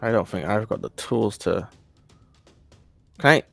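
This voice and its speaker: A man's voice: on the low side, measured pace, gravelly, fairly bright tone, faint music behind. A man playing a tabletop game, thinking aloud about his next move. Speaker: player.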